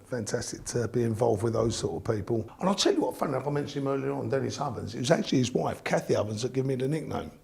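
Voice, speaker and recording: An older man with a deep gravelly voice, telling stories in a relaxed, chatty way as a darts referee and voiceover artist. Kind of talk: casual chat.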